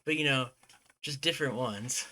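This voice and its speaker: A young man streaming a game, chatting casually and quietly in a put-on American accent, rambling and joking with his chat. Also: medium pitch, moderate pace, a little hiss or hum.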